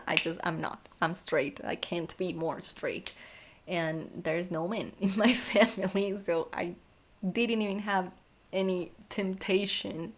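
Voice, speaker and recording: A young woman answering fan questions in a casual vlog, sleepy and yawning, slipping into soft whispers and laughing often. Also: lowish voice.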